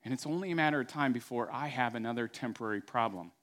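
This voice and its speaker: A man's voice: medium pitch, fast talker, fairly bright tone. A man preaching a sermon in a conversational, storytelling way. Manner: conversational storytelling, acts out voices. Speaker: pastor.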